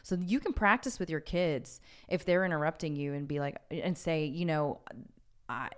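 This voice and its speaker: A woman's voice: deep voice, moderate pace, clean tone. A woman co-hosting a podcast, chatting frankly and casually about her own habits. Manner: frank and talkative, calls herself loud. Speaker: podcast co-host. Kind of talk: casual chat.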